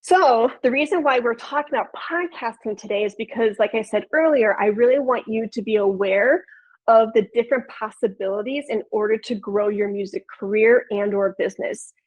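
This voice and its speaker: A woman's voice: fairly high pitch, moderate pace. A woman in her thirties from Chicago, with a nasal Chicago accent, giving an upbeat, conversational online presentation to an audience. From Chicago, USA. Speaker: podcast producer and flutist presenter. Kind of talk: webinar presentation. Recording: lo-fi video call audio.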